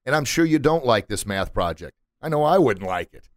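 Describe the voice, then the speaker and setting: A man's voice: mid-range voice, very animated, a little fast, dry recording. A middle-aged man hosting a motivational podcast from a recording studio, preachy and emphatic, hammering points home by repeating words. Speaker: podcast host. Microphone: studio mic.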